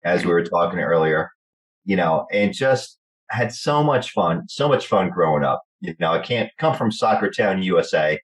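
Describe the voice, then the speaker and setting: A middle-aged man with a New Jersey accent, telling lively stories in an interview and acting out the people in them. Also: low-pitched, moderate pace, poor audio. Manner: animated storyteller acting out quoted voices. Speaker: guest actor. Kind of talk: storytelling interview chat.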